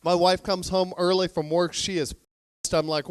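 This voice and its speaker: A man doing a stand-up comedy set on a club stage, telling deadpan stories and acting out both sides of conversations. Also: sits high, moderate pace, clean tone, no room sound.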